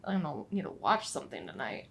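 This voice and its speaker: A woman's voice: deep voice, sing-song, fast talker, gravelly, fairly bright tone, slightly rough. A woman co-hosting a podcast in casual chat, reacting expressively and swearing when surprised. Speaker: podcast co-host.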